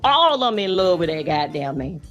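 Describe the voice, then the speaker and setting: A woman's voice: on the low side, big pitch swings, moderate pace. Woman, preachy profane ranting, casual call chat, dull lo-fi sound, faint music.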